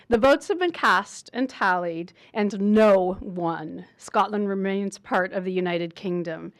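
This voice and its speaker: Midwestern woman host, measured read-from-notes intro, mid pitch. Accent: Midwestern American. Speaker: event host introducing a speaker. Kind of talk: formal spoken introduction.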